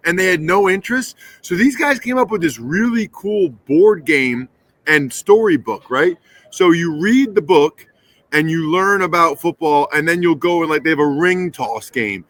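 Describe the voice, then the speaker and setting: A middle-aged man joins a sports podcast as a guest and chats casually. His voice sits a little high for a man. He tells stories in a relaxed, easy way. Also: normal speed. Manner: relaxed, storytelling. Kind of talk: casual chat.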